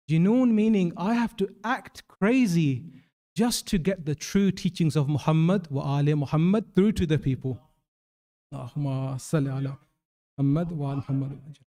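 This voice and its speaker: A young man giving an English religious lecture at a mourning gathering, telling stories and acting out the dialogue with lively jumps in his voice. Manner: acts out quoted dialogue with pitch jumps.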